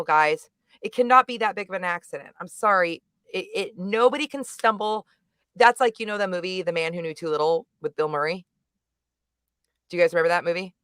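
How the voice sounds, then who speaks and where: A middle-aged woman chats through a movie review with animated emphasis, often circling back to restate her point. Her voice is smooth and resonant, recorded close and dry. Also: on the low side, brisk, no echo. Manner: animated, emphatic, rambling with self-corrections. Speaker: guest reviewer. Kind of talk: casual livestream movie review chat.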